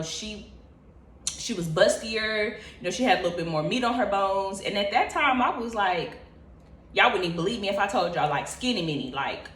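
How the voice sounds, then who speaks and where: A woman vlogger telling a story in an animated, expressive, profane casual way. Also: mid-range voice, reverberant, slight background noise.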